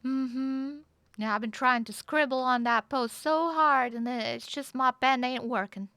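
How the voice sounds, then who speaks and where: A woman's voice: sits high, unhurried, bright, forceful tone, no room sound, studio quality, voice pushed up, exaggerated voice. A woman playing a polite, folksy Southern belle in a wild west role-play, with a put-on Southern US accent.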